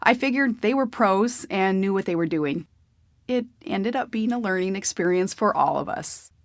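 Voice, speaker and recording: Brief: woman memoir narrator, mid pitch, plain conversational read, dry close sound. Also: lively intonation, normal speed, no echo. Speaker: audiobook narrator.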